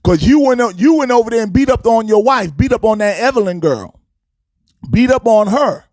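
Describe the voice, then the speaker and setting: A man's voice: very high voice, expressive, normal speed, a little mellow, dry recording. A man hosting a casual sports talk show, fired up and preachy, with a sing-song delivery.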